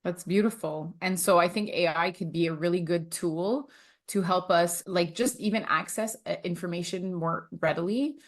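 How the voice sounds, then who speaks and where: A woman's voice: lowish voice, normal speed. A woman hosting a casual conversation, chatty and loose, with frequent fillers and restarts. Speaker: host.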